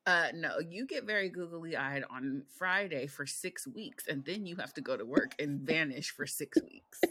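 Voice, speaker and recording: A podcast co-host in their forties chatting casually, sassy and profane, often breaking into loud laughter. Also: mid-range voice, animated, moderate pace, background noise. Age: 40s. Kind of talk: casual chat.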